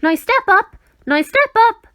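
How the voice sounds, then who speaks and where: A woman voicing an unseen, deceitful male spirit voice that gives bad advice in shrill, loud repeated cries. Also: expressive, unhurried, no echo, clean studio sound, heavily acted. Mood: urgent cries.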